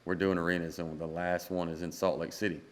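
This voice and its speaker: A man's voice: sits low, level tone, fast talker. A man in his thirties, a country singer-songwriter guest, telling a story and acting out the dialogue. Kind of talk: storytelling in a podcast interview.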